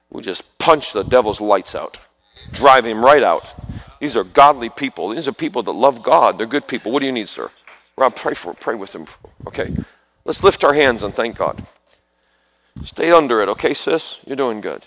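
A man's voice: medium pitch, animated, normal speed, fairly bright tone. A man preaching at an altar call, calling people forward and praying over them in sudden fervent bursts. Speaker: preacher leading prayer ministry.

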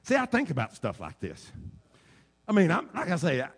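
A male pastor preaching a sermon in a booming voice, shouting his points and then dropping to quiet asides. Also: huge pitch swings, moderate pace, vocal fry, slightly rough. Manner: shouting preacher, swings from loud to low asides.

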